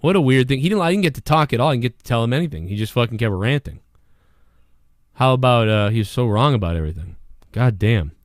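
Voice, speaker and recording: A man hosting a casual livestream show, rambling and swearing a lot, with a hoarse voice. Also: medium pitch, fast talker, no room sound, studio quality. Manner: profane, rambling and animated. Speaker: show host.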